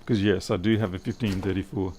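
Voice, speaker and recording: A man's voice: sits low, steady tone, a little fast, a little mellow, slight background noise. A man hosting a live repair stream, talking casually and wryly to viewers as he works on a device. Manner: wry, chatty, answering viewers' comments. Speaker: livestream repair host. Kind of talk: casual live-stream commentary while working.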